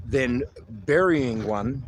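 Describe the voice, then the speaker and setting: A man's voice: mid-range voice, lively intonation, takes it slowly. An Australian man hosting a casual outdoor livestream on a handheld mic, chatty and joking, calling everyone mate. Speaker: livestream host. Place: outdoors at a protest camp. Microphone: handheld microphone. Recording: noisy outdoor stream.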